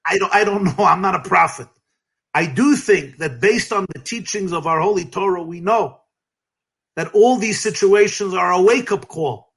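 A rabbi being interviewed, telling stories in a lively, emphatic way, sometimes breaking into shouts, with light laughs between phrases. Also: male voice, sits high, moderate pace, breathy edge. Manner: lively, emphatic, bursts into shouting and chanted cries. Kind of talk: animated storytelling in an interview.

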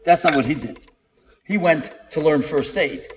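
A man with a high voice preaches a story to a gathered audience. He tells it dramatically and acts out the people he quotes. The sound carries a long reverb from a large hall. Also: moderate pace, a little hiss or hum. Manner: dramatic storyteller, acting out quotes and building to emphatic peaks. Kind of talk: storytelling sermon.

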